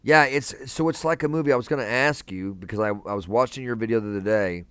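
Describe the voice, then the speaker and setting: A man's voice: mid-range voice, quick pace, a bit bright, clear, resonant tone, no room sound. A young man hosting a casual live stream from a hospital room, chatting laid-back with viewers and calling them man and brother.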